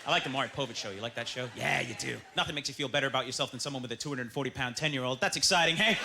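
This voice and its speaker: A man from Canada doing a stand-up comedy set, fast and animated, jumping into shouts. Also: mid-range voice, heavy background noise. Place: comedy club stage with audience. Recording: stage mic with loud audience laughter.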